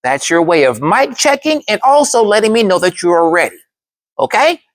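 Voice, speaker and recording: A man doing a brisk female contest chair. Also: sits high, sing-song, no echo, pitched above the performer's own voice. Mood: instructive. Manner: instructing a group, clear and orderly. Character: brisk adult woman contest chair giving instructions.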